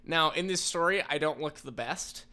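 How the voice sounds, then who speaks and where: A man co-hosting a podcast, his voice a touch high and very bright. He tells a story in a casual, animated way and acts out the people he quotes with raised voices. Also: normal speed, clean tone. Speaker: podcast co-host.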